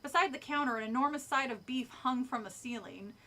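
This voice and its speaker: A woman reading a spooky kids' book aloud on a live stream, stopping often to chat and comment. Her voice is bright and sits a little high. The reading is casual and animated. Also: brisk.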